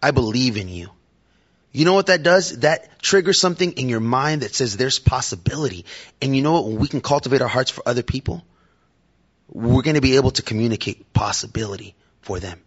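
A man's voice: mid-range voice, animated, a little fast, slightly rough, lo-fi sound. A man giving a casual, conversational sermon to his church and joking with the audience. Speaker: lay preacher. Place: church hall.

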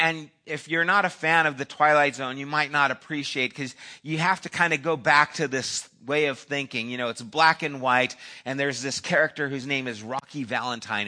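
A pastor with a bright, forceful voice on the high side preaches a sermon built around a story. He acts out its dialogue in different voices, at times dropping almost to a whisper.

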